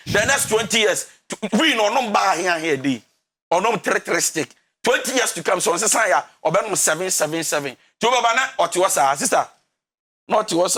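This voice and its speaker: High, bright-voiced Ghanaian counselor. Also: male voice. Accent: Ghanaian English. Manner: emphatic, preachy, switching into Twi and half-singing. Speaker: relationship counselor. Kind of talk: advice talk show.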